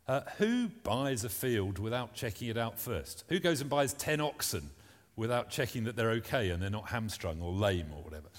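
A man's voice: fairly low pitch, lively intonation, normal speed, big-room sound. A man preaching a sermon at a church service, earnest and plain-spoken, reading scripture aloud between his points.

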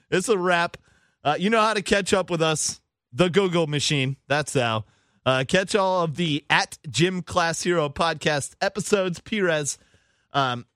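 A man's voice: fairly high pitch, a bit bright, dry recording, studio quality. A man hosting a casual podcast, laughing often and upbeat as he wraps up the episode. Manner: laughing, upbeat, wrapping up the show. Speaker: podcast host.

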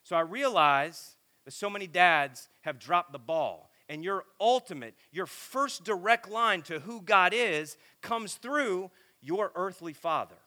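Man preaching, middle-aged, very bright voice, slightly high, animated and chatty. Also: a little slow, hardly any pauses. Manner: animated, self-deprecating, lots of filler and repeats. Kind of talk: casual storytelling sermon.

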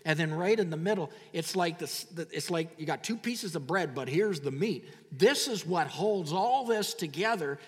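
A man preaching a sermon as pastor, animated, repeating phrases and leading the congregation in reading aloud. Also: a little high, moderate pace, hardly any pauses, slightly rough. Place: church hall. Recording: long hall reverb.

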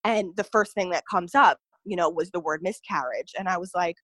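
A woman's voice: on the low side, normal speed, hardly any pauses, a bit bright, dry recording. A young adult woman telling a personal story as a podcast guest, earnest and full of "like" and "you know". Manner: earnest, filler-heavy telling, often says "like" and "you know".

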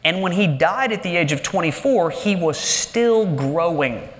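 High-voiced animated preacher, church reverb. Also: male voice. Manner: animated preaching, dropping low and slow for emphasis. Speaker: pastor. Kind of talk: sermon. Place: large church sanctuary. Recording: live church hall reverb.

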